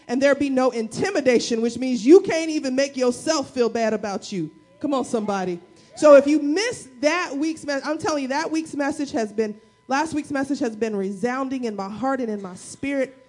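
Woman pastor, high voice, lively sermon, call-and-response, joking asides. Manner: energetic call-and-response preaching with playful asides. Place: church service.

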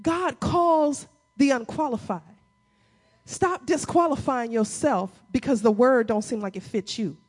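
A woman's voice: high-pitched, a little slow, breathy edge. A woman pastor preaching a conversational sermon, acting out quotes as she goes.

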